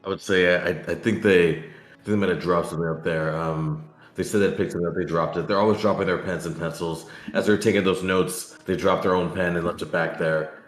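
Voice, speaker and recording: A man playing a tabletop game, working through his ideas aloud and circling back on himself. His voice is very deep. The sound is roomy and echoey, with faint music behind. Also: fairly even intonation, fairly quick. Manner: casual, repeats himself, thinks aloud. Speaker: player.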